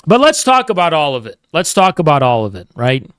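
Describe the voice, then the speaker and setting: Bright-voiced, profane man ranting. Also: on the high side, sing-song, brisk, clean tone, dry recording, clean studio sound. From United States. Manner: profane, combative, repetitive. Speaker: streamer. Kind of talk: heated livestream rant.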